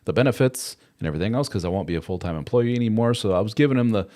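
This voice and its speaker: A man's voice: low voice, very fast, hardly any pauses, warm tone. A middle-aged man hosting a casual livestream, answering viewer comments in a frank, conversational way with the odd curse word. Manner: frank and conversational, with occasional swearing. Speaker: host answering viewer chat.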